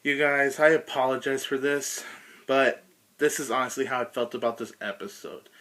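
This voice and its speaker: A man's voice: mid-range voice, level tone, moderate pace, fairly bright tone. A man ranting emphatically through a frustrated cartoon episode review.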